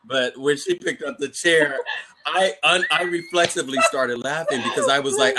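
A man's voice: on the high side, lively intonation, normal speed, heavy background noise. A man co-hosting a podcast, chatting casually and animatedly about a TV episode, laughing often and acting out scenes. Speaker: podcast co-host. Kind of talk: casual chat recapping a TV episode.

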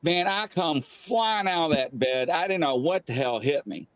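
A man's voice: fairly high pitch, normal speed, dry recording. Guy spinning a ghost story, voice jumps all over, dry close sound. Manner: animated, acts out quotes loudly. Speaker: guest telling paranormal experiences. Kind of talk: casual storytelling.

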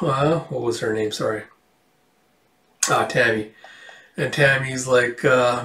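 A man's voice: medium pitch, a little slow, long pauses, sharp tone. A man casually reading through a comic book, rambling with many fillers. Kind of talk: casual comic read-along. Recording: roomy, distant mic.

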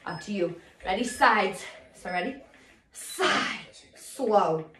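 A woman fitness instructor coaching a low-impact cardio workout, energetic and a little out of breath as she counts reps and cheers people on. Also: slow. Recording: echoey room with music.

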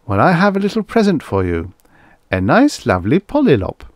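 A man's voice: fairly high pitch, huge pitch swings, fairly quick, no echo, clean studio sound, voice pushed up. Man putting on a chirpy robot street vendor. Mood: chirpy salesman. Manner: chirpy sales patter, mechanically polite.

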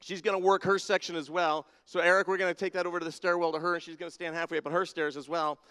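A man's voice: on the high side, little pitch movement, rapid-fire, bright, forceful tone, clean tone. A man leading a playful congregation activity in a church sanctuary, teasing people and calling them down by name. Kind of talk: leading a playful audience-participation segment. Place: large church sanctuary with balcony and spotlights. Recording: long reverb of a big hall.

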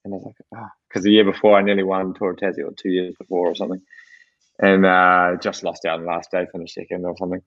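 Low-voiced man telling rambling stories. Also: little pitch movement, quick pace, a bit bright. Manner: rambling anecdotes, many fillers and laughs. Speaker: podcast co-host, pro cyclist. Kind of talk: casual storytelling chat. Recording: dull lo-fi sound.

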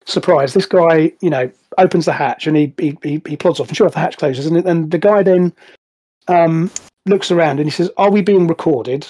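A man serves as game master for a tabletop game over a voice-call headset, narrating in a rambling way with frequent restarts and fillers. His voice is a little high, a little fast, slightly rough yet a little mellow.

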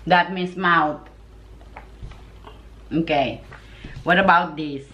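A woman's voice: sits low, steady tone, takes it slowly, sharp tone. A woman from the Philippines with a Filipino accent, teaching Tagalog sounds and laughing often, patient and repetitive. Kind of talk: casual home language lesson.

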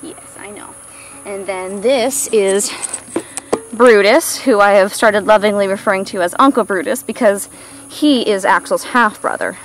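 A woman's voice: mid-range voice, a little slow, soft background music, poor audio. A woman giving a casual tour of her farm outdoors, chatting and cooing baby talk at her animals while out of breath from walking in the heat.

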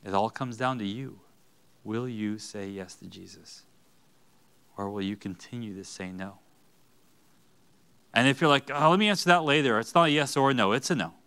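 A man's voice: fairly low pitch, moderate pace, pauses often, fairly bright tone, clear, resonant tone. A man preaching an earnest sermon in a church, rising to emphatic bursts. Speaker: pastor.

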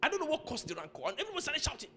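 A man preaching a sermon as pastor of a church, acting out people's quarrels in lively voices. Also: very high-pitched, very fast, soft background music. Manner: animated preacher acting out quarrels, laughing at his own stories.

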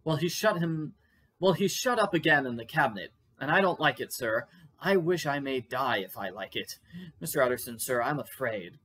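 A man's voice: mid-range voice, expressive, normal speed, a bit bright, husky. A man reading the part of an anxious, deferential Victorian manservant in a storybook reading. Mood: afraid.

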